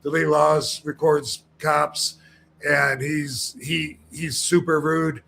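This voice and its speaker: A man talking casually on a podcast, his voice sitting a little high. He rambles through fillers and restarts and acts out the people he quotes. A faint noise hangs under the recording. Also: level tone, slow pace, gravelly, fairly bright tone.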